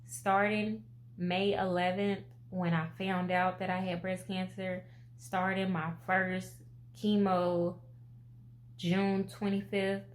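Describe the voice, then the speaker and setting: A woman in her twenties gives a personal vlog update, talking straight to her viewers in an emotional, expressive way. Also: lowish voice, slow, a little hiss or hum. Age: 20s. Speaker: vlogger.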